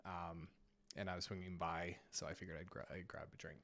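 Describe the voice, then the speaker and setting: A man's voice: sits low, little pitch movement, a little fast, a bit bright. Chatty Canadian man, slightly scratchy. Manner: chatty, self-deprecating, laughs often. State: getting over a cold, slightly scratchy. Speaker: finance channel host. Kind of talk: casual live stream Q&A.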